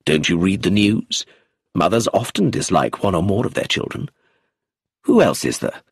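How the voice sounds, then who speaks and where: A man voicing a calm, shrewd older father in an audiobook, gentle and measured. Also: low-pitched, slightly rough, no room sound, clean studio sound, exaggerated voice.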